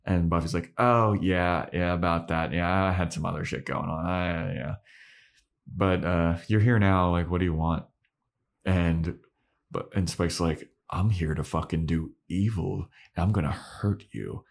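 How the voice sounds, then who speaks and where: A man with a low voice co-hosts a casual podcast. He retells scenes from a show, slipping in and out of quick put-on quotes for the characters and swearing freely. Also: fairly even intonation, creaky. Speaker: podcast co-host. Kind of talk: casual recap chat.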